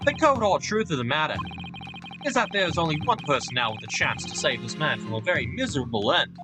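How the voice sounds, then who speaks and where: A man's voice: fairly high pitch, big pitch swings, fast talker, music in the background. A man voicing a stern, commanding middle-aged British lord in a courtroom game. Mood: grave. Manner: grave, commanding, clipped.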